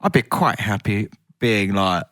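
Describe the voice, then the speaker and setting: A man's voice: fairly low pitch, measured pace, fairly bright tone, dry recording, clean studio sound. A man chatting as a podcast guest, giggly and theatrical, often slipping into silly voices. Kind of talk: casual chat.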